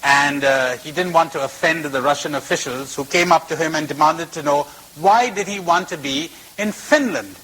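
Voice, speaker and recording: A man's voice: a little high, normal speed, hardly any pauses, fairly bright tone, husky, low-quality recording. A man giving a spiritual talk to a retreat audience, telling stories and repeating phrases for emphasis, recorded on old tape. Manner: storytelling with varied emphasis and repetition. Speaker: spiritual teacher.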